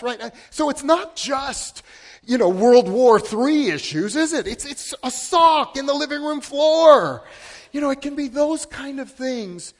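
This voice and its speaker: A middle-aged man preaching a sermon, telling a story against himself with sudden swings between loud and hushed. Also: extremely high pitch, sing-song, moderate pace. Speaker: pastor.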